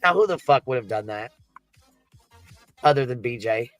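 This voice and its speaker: A foul-mouthed male streamer who keeps breaking into laughter mid-sentence. His voice sits at an ordinary middle pitch. It sounds dry and close, with faint music underneath. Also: lively intonation, moderate pace, a bit bright, no echo, rough recording. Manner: profane, laughing through his words. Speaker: live streamer. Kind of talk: casual streaming commentary.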